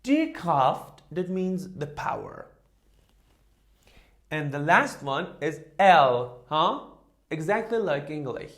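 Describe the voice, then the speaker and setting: A man's voice: on the high side, sing-song, slow. A man teaching a beginner German lesson, drilling each word and asking "okay?" after nearly every line. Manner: drills words with repeated "okay?" and "repeat". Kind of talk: slow beginner language lesson.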